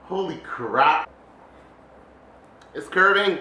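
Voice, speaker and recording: A man chatting excitedly in a casual DIY vlog, full of fillers and exclamations. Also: on the high side, moderate pace, echoey room. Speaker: DIY candy vlogger.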